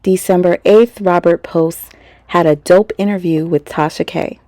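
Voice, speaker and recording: A woman's voice: lowish voice, fairly even intonation, unhurried, mellow. A woman hosting a commentary channel, narrating with pointed, emphatic delivery. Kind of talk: scripted commentary.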